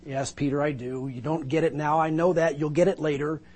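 A husky-voiced man voicing a gentle, patient master in short reassuring sentences, inside a sermon. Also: a little high, level tone, a little fast.

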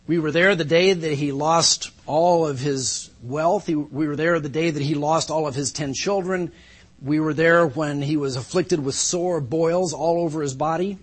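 Pastor, male, fairly high husky voice, measured sermon delivery, dry humor. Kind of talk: sermon with opening prayer. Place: church sanctuary.

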